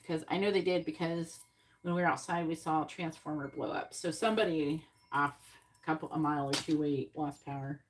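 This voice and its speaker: A woman's voice: sits low, fairly even intonation, fairly quick, slight background noise. A woman from Florida giving a live-stream tarot reading, chatting and thinking aloud between card pulls. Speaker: psychic reader.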